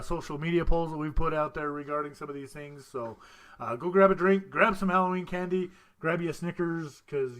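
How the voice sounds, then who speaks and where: A man hosts a casual podcast, joking around with his co-hosts, laughing often and filling gaps with "uh" and lots of other fillers. His voice is a little high and a bit bright.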